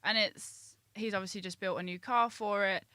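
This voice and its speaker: A woman's voice: mid-range voice, steady tone, normal speed, sharp tone, no echo. A young woman in her twenties, chatting as a podcast guest in an upbeat way with frequent restarts. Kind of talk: casual chat.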